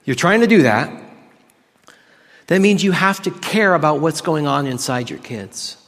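A male pastor giving a casual, conversational sermon, drawing out key words slowly for emphasis. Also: on the high side, expressive, a bit bright. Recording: long hall reverb.

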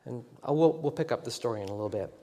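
Rambling storytelling pastor in echoing hall. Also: male voice, mid-range voice, lively intonation, very fast, warm tone. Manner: rambling, self-deprecating storytelling with many restarts. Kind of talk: sermon. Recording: long echoing hall reverb.

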